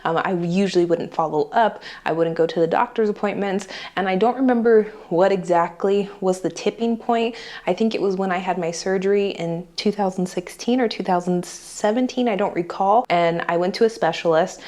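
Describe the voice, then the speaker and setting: A woman from the United States talking casually to her viewers, chatty and animated, acting out the voices of people in her story. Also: medium pitch, moderate pace, few pauses. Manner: chatty, animated, acts out quoted dialogue. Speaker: vlogger.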